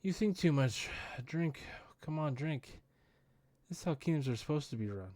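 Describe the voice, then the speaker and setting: A man's voice: fairly high pitch, animated, moderate pace, a little mellow, close to an everyday voice. A man voicing a boastful, petty male tyrant king while reading a comic aloud, pompous and dismissive.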